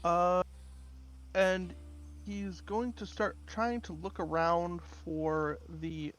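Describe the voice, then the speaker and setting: High-voiced man playing a tabletop game. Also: steady tone, drawn-out words, a bit bright, poor audio. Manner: chatty, hesitant, lots of fillers. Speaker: player. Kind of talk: casual tabletop play.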